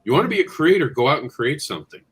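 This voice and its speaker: Animated man hosting a livestream chat. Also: medium pitch, very fast, husky. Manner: animated, impassioned, talks over others. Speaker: livestream show host. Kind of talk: casual panel chat.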